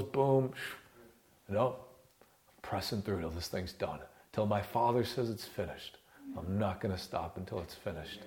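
A man preaching a sermon in a casual, slangy way, dropping to hushed, low murmurs and rising to loud, impassioned peaks.

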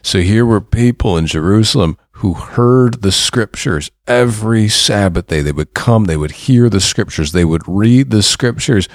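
A man's voice: fairly low pitch, normal speed, few pauses, no room sound, clean studio sound. A man preaching a sermon, fervent and building to emphatic bursts.

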